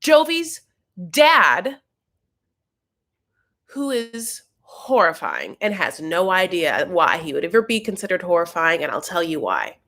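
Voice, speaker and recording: A woman's voice: on the low side, sing-song, unhurried, fairly bright tone. A woman hosting a casual show recap, talking in a gossipy, profane, ranting way.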